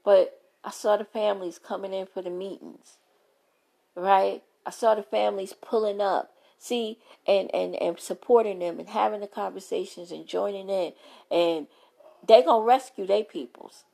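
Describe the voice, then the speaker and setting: A woman's voice: medium pitch, moderate pace, creaky, warm tone. A woman hosting her own show, delivering an impassioned, repetitive rant straight to her viewers in slangy, emphatic speech. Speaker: vlogger and show host.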